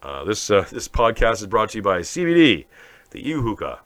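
A man's voice: fairly low pitch, big pitch swings, fairly quick, fairly bright tone, no room sound. A man from Canada hosting a podcast, rambling through a profane, sarcastic comic rant. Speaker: podcast host.

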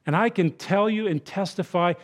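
A man in the pulpit preaching, his voice sitting a touch high for a man. He drops into quiet, gentle tones and then builds to loud, ringing emphasis. Now and then he acts out quoted voices to drive a point home. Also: normal speed. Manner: swings from soft, hushed consolation to loud, bellowing emphasis. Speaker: guest preacher. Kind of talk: sermon. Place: church sanctuary.

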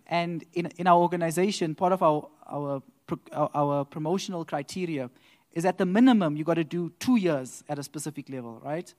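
A man giving a church testimony that builds into preaching, telling his story with laughter and loud outbursts. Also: a little high, a little fast. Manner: animated storyteller who laughs and swells into loud exclamations.

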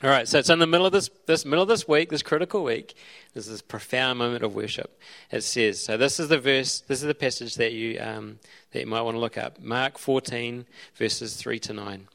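A man's voice: mid-range voice, fast, gravelly, a bit bright. A man in his thirties giving a conversational sermon as pastor, chatty and digressive with storytelling asides.

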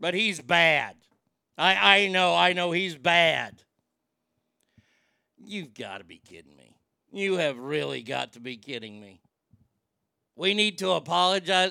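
A man's voice: a little high, animated, takes it slowly, creaky, long pauses, no echo. A man hosting a radio show, ranting angrily and swearing, feeling sick after being up all night. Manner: profane, ranting, shouting in outbursts. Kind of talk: angry talk radio rant. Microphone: broadcast board mic.

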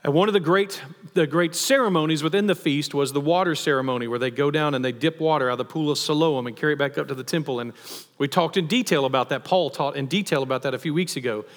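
A man preaching a sermon as pastor, animated and asking the congregation questions. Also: a little high, fast. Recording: long hall reverb.

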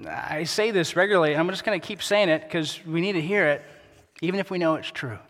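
Man preaching in a reverberant hall. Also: on the high side. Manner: conversational, acts out quick voices, drops to soft quiet emphasis. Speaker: pastor. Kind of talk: sermon. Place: church sanctuary.

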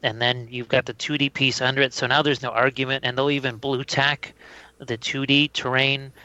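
A man co-hosting a casual chat, describing practical things in a relaxed way. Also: medium pitch, moderate pace, dry recording, poor audio. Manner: relaxed, practical storytelling about building things. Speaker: podcast co-host.

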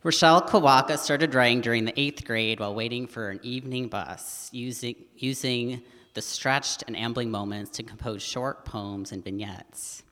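A man's voice: mid-range voice, normal speed, hardly any pauses, sharp tone. Man giving a formal stage introduction. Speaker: writing teacher introducing a student. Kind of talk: scripted introduction at a public reading. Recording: long hall reverb.

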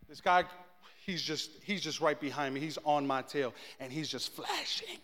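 A man, a pastor, preaching a sermon and telling a story about himself in an animated, self-mocking way, acting out his own outbursts. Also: fairly high pitch, moderate pace, long reverb tail.

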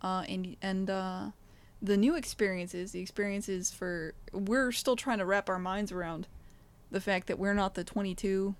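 A woman's voice: medium pitch, fairly even intonation, unhurried, clean tone. A woman co-hosting a podcast in casual chat, rambling and joking with lots of fillers. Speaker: podcast co-host, game developer.

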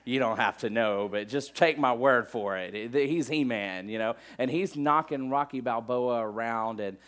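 A man's voice: medium pitch, normal speed, a bit bright. Casual, chatty male pastor preaching. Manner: conversational preaching with asides and fillers. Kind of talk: sermon.

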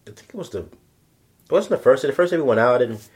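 A man's voice: medium pitch, lively intonation, fast, darkish tone. A man from Maryland, a guest on a podcast, telling stories casually with frequent restarts and self-corrections. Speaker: podcast guest, BMX rider. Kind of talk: casual storytelling interview.

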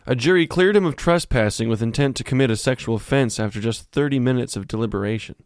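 A man's voice: mid-range voice, fast talker, smooth, dry recording, clean studio sound. A male comedian co-hosting a podcast, reading a news story aloud in a mock-serious tone. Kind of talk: casual comedy podcast chat.

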